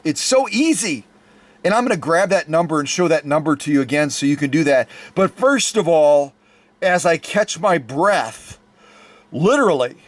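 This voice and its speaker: A man's voice: a little high, dry recording. A man who restores vintage sewing machines, hosting his channel and making an effusive, repetitive fundraiser appeal to his viewers, whom he calls folks. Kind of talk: enthusiastic direct-to-camera fundraiser appeal.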